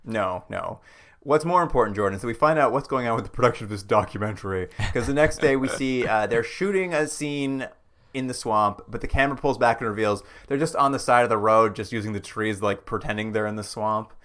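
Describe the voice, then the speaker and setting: A man's voice: lowish voice, brisk, fairly bright tone. A man co-hosting a podcast, recapping a TV show in casual chat with wry jokes and frequent laughs. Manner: wry, joking asides, laughs often. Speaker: podcast co-host.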